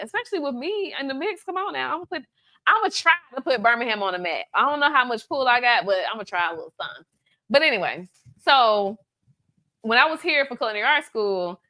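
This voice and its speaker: A woman's voice: on the high side, bright, forceful tone. Chatty woman hosting a cooking demo. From Atlanta, USA. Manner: chatty, playful, teasing asides to viewers. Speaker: cooking show host, baker. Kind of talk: casual live cooking demo.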